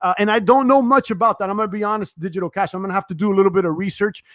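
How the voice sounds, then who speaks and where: High-voiced man hosting a casual live stream. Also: rapid-fire, fairly bright tone, dry recording, studio quality. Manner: casual, many fillers and restarts. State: sweating, tiring. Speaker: crypto live-stream host. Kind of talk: live-stream chat reading viewer comments.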